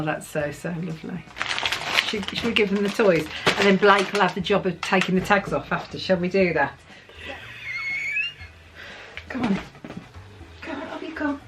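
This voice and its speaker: Gushing English woman, lively voice. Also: medium pitch. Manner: gushing, excitable, laughs often; coos playfully at her dogs. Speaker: vlogger. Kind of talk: casual unboxing chat.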